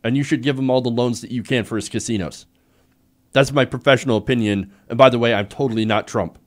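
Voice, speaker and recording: A man's voice: medium pitch, fairly even intonation, fast talker, pitched below the performer's own voice, lightly acted. A man doing a mocking impression of a public figure posing as his own boastful publicist, talking in bluster. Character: Trump posing as boastful publicist John Barron.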